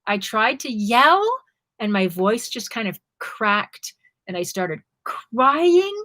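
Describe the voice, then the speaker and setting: A woman's voice: fairly high pitch, slow. A woman from Canada, co-hosting a live stream and vividly recounting a motorcycle trip in a casual chat. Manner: vivid, expressive storyteller. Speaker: co-host, motorcycle traveller. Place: home during quarantine.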